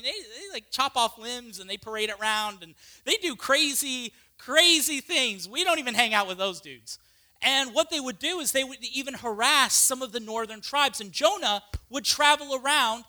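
Animated, bright-voiced preacher. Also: high-pitched. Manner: animated and conversational, with casual asides. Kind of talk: sermon.

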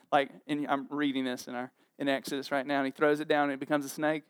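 A pastor in his forties preaches a sermon in a fast, medium-pitched voice, recorded cleanly at studio quality with no room sound. He's an animated, joking storyteller, bringing scripture tales to life with humor and acted-out voices.

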